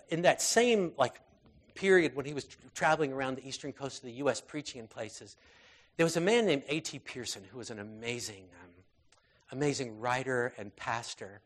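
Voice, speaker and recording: In a mid-range voice, a man gives a conversational sermon with no formality. He restarts often and relies on fillers, and he shifts between bursts of intensity and softer, quieter stretches.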